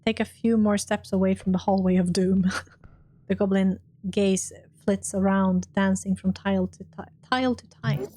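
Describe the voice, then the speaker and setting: At a moderate pace and in a mid-range voice, a streamer reads through a role-playing game's text and responds to it. She stays animated, cursing and laughing each time she fails.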